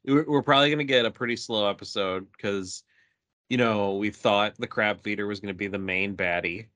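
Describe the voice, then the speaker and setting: A man's voice: on the low side, fairly quick, a bit bright, no echo. A man co-hosting a casual podcast, laid-back and agreeable, mostly giving short replies and adding a few points of his own. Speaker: podcast co-host. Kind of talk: casual chat.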